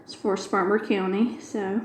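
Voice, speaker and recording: A woman's voice: mid-range voice, flat delivery, normal speed, roomy sound, a little hiss or hum, rough recording. A middle-aged woman, chatting casually and retelling a long everyday story with quoted dialogue. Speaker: craft video host. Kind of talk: casual chat while diamond painting.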